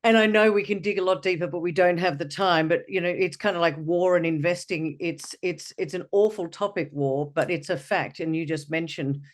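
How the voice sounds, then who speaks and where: A man's voice: high-pitched, steady tone, a little fast, few pauses. A man hosting an interview, asking loose conversational questions and adding short murmurs of agreement. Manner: conversational, backchanneling. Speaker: podcast host.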